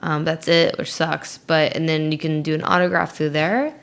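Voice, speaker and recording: Low-voiced woman with vocal fry. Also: flat delivery, normal speed. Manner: rambling, filler-heavy, giggly. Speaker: interview guest. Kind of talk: casual chat.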